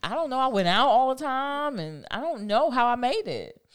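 A woman co-hosting a podcast in relaxed, laughing casual chat. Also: high-pitched, a little fast, clean tone, no echo, clean studio sound. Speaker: podcast co-host.

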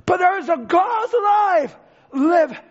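A male preacher giving a dramatic sermon, swinging from shouts to hushed lines, on a dull lo-fi recording. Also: very high-pitched, expressive, slow pace.

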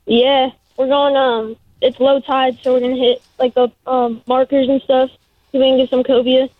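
Young male caller, high voice, relaxed, on a dull phone line from a boat. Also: moderate pace, no echo. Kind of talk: phone call into radio show.

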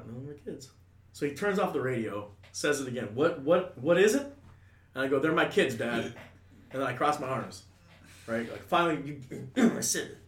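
A man's voice: medium pitch, a bit bright, far from the mic. A man telling a crude story in casual talk, rambling and full of asides. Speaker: storyteller guest. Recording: echoey room, a bit off-mic.

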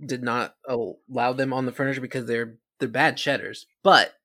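A man chatting casually about his dogs, cracking quick jokes. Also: medium pitch, fairly even intonation, sharp tone, no room sound, clean studio sound. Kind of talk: casual chat.

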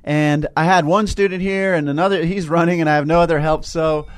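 A man's voice: on the high side, steady tone, clean tone. A man who works as a teacher, telling a story in a casual spiritual chat with many restarts and hesitations. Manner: rambling, halting storytelling.

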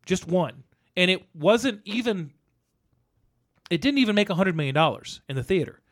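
Male podcast co-host, middle-aged, slightly high voice, rambling casual storyteller. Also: normal speed. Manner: rambling, animated storyteller, acts out quotes. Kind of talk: casual movie chat.

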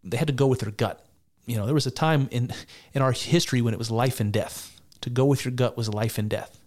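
A man's voice: mid-range voice, a little fast, darkish tone. Wry, argumentative man talking casually. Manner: argumentative, wry, peppered with restarts and mock laughs. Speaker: commentator reacting to clips. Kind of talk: casual spoken commentary.

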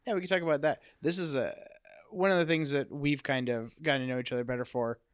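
A man in casual chat, talking things through in a relaxed, thoughtful way. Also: a little high, quick pace, smooth, dry recording, studio quality.

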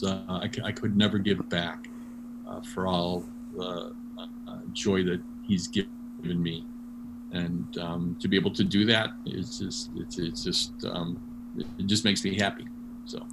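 A man telling a story in an interview, animated and full of restarts and fillers. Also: on the low side, creaky. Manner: animated, many restarts, laughs while telling. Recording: noisy background hum.

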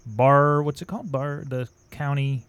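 A man's voice: mid-range voice, unhurried, a bit bright, clean tone, dry recording. A man hosting a movie talk show, steering a casual studio chat. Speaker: radio movie show host.

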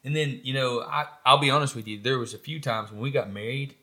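A man chatting on a relaxed podcast with a middle-range voice. He jokes a lot and his voice jumps up with excitement. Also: medium pitch, quick pace. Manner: animated, joking, often lifts his voice. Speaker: podcast co-host. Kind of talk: casual chat.

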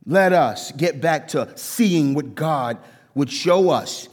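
A man preaches with lively, animated delivery, acting out voices as he teaches. His voice sits high for a man. The sound carries a long reverb from a church sanctuary. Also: slow pace. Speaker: pastor. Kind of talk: sermon.

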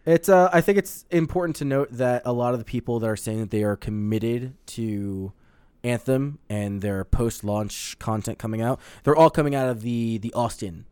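A man's voice: medium pitch, moderate pace, darkish tone, clear, resonant tone, dry recording. A man co-hosting a podcast, chatting casually and profanely about gaming news. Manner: profane, rambling, reads headlines aloud. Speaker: podcast co-host.

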